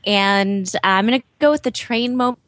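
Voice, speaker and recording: A woman on a podcast, telling a story in a lively way and laughing between remarks. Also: medium pitch, normal speed, no room sound, studio quality. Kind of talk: casual podcast chat.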